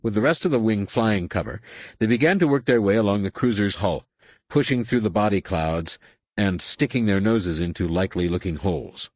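A man reading a science-fiction novel aloud as a dramatic, animated audiobook narrator. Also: fairly low pitch, normal speed, no echo. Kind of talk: scripted narration.

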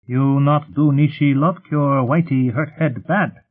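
A man's voice: medium pitch, unhurried, pitched above the performer's own voice, close to an everyday voice. A man voicing a clipped, bossy alien creature. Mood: commanding. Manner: broken, clipped commanding speech. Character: small alien mind creature giving blunt orders. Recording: tinny phone-like audio.

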